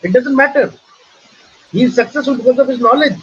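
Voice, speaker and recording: High-voiced husky man. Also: fairly quick. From India. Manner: assertive, persuasive. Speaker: webinar host and organizer. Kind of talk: online webinar Q&A. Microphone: video call. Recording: muffled lo-fi call audio.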